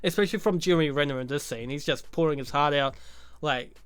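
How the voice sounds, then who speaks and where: A man's voice: fairly high pitch, fast, fairly bright tone, smooth, dry recording. A man giving a casual, profane recap of a movie, full of sarcastic jokes and laughing asides. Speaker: YouTube movie commentator.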